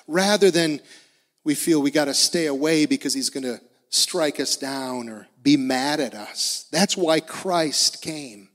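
A man's voice: on the high side, a little slow, a bit bright, long reverb tail. A man in his forties preaching a sermon in an earnest, conversational way. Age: 40s. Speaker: pastor.

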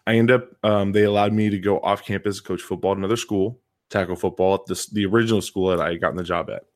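A man's voice: low voice, fairly even intonation, fast. A man, a coach and PE teacher co-hosting a podcast, telling a story in casual chat and leaning hard on repeated words for emphasis.

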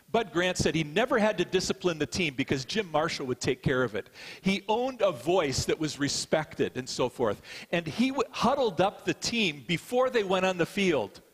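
A man's voice: on the high side, slightly rough. A middle-aged man preaching a sermon in a conversational storytelling way, with self-deprecating asides. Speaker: pastor. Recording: long hall reverb.

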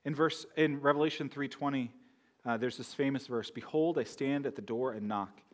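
A man's voice: mid-range voice, normal speed. A man preaching a sermon in a conversational way, often asking the congregation questions. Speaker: pastor.

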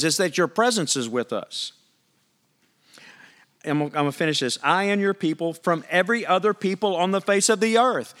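A pastor preaching a sermon, reading scripture aloud and asking the congregation questions in a conversational, emphatic way. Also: male voice, high-pitched, expressive, moderate pace, a bit bright.

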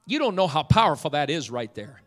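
A male preacher delivering a sermon, swinging from hushed storytelling to loud, fervent shouting. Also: a little high, big pitch swings, fairly quick. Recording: long hall reverb.

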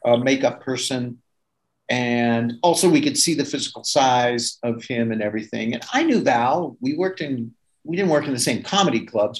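A man's voice: mid-range voice, low-quality recording. An older man, a former magazine editor and magician, telling chatty anecdotes in a casual interview and laughing often.

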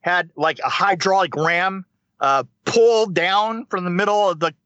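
High, bright-voiced man laughing a lot. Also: measured pace, dry recording. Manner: laughs often, chatty, rambling. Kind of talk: casual conversation. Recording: dull dry lo-fi sound.

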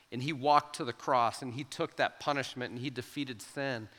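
A youth pastor preaching a sermon to students, animated and emphatic, acting out the voices in the stories he tells. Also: mid-range voice, moderate pace, hardly any pauses. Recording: long hall reverb with soft guitar.

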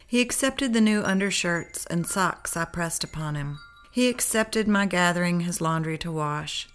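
A woman telling a personal memoir in a calm, unhurried storytelling voice. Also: on the low side. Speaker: narrator. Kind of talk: memoir read-aloud narration.

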